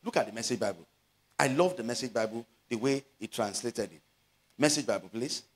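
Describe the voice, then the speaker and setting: A man's voice: medium pitch, husky. Emphatic Nigerian preacher, a man. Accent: Nigerian, Yoruba. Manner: emphatic preaching, rising to loud exhortations; slows to stress scripture phrases. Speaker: pastor. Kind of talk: sermon.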